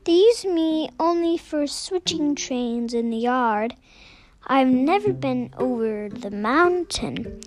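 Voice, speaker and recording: A small, kind blue engine, as a woman voices her, gentle and modest in a high storybook voice. Unhurried and warm-hearted. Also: expressive, slight background noise.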